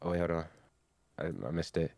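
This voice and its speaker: A young man on a podcast, casually recapping an anime episode and acting out the characters' lines in an animated way. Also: low voice, fairly quick, no room sound. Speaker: podcast co-host.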